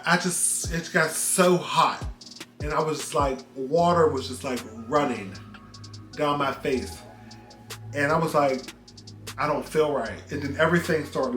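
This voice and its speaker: A man co-hosting a storytime vlog, chatty, often dropping into quieter asides. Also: fairly high pitch, reverberant. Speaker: vlog co-host. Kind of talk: casual storytime chat.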